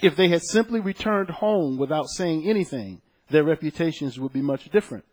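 A man with a husky, slightly high voice preaches a sermon. He talks like he is chatting with the congregation and tells personal stories between Bible verses. His delivery swings from quiet, low asides to loud, raised points. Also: a little fast. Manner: conversational, animated storytelling with scripture quotes.

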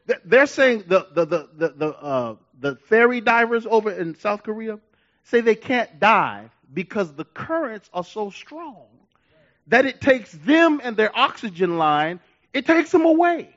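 Male pastor, high voice, lively sermon delivery, muffled lo-fi recording. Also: measured pace. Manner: animated preaching with laughs and repetitions.

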